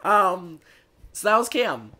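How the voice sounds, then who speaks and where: A man's voice: high voice, big pitch swings, slow pace, bright, forceful tone. A young man in his late teens telling a rambling story on a casual livestream, full of fillers. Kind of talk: casual chat.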